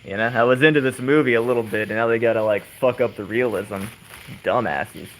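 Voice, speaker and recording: This male streamer talks fairly quickly in a mid-range, fairly bright voice, rambling, swearing and chuckling as he rocks on a porch swing outside. The poor-quality audio carries a little hiss or hum.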